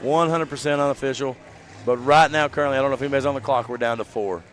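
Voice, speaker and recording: A man's voice: medium pitch, steady tone, racing, a bit bright, a little hiss or hum. A man with a Southern American accent, chatting easygoing live commentary at a demolition derby outdoors. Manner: chatty, easygoing, thinking aloud. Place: outdoors at a racetrack.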